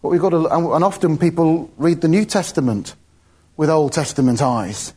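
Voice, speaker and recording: Husky, mellow-voiced man preaching casually. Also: on the high side, normal speed. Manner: chatty, laughs between points. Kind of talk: informal sermon.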